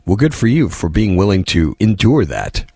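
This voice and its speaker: A man hosts a talk radio show and answers listener texts with sardonic, exasperated remarks. His pitch swings widely as he talks. His voice sounds dry and close, with no room echo. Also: very animated, normal speed, dark tone, breathy edge.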